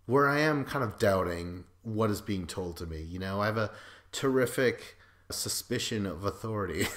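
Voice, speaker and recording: A young man with a somewhat low voice hosts a podcast in a loose, rambling monologue. He swears freely and slips into mocking impressions of the people he talks about. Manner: profane, rambling, acts out quotes in mocking voices. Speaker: podcast host. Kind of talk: casual recap monologue.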